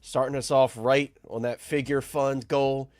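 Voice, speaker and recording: Man, live stream host, nasal and congested, sick, upbeat shout-outs, dry close sound. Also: mid-range voice, little pitch movement, a little slow, dry recording. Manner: upbeat, shouting out chat viewers.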